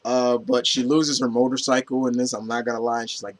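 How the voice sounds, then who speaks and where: A man's voice: mid-range voice, level tone, brisk. A young man giving a casual comic book review, rambling with lots of fillers and restarts and casual swearing. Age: young adult.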